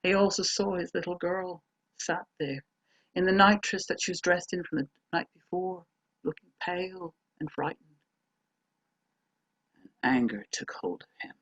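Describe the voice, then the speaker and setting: A woman telling a folk tale aloud, dramatic, moving between hushed and emphatic delivery. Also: on the low side, normal speed, long pauses, no room sound, poor audio. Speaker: storyteller. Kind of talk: oral folk-tale storytelling.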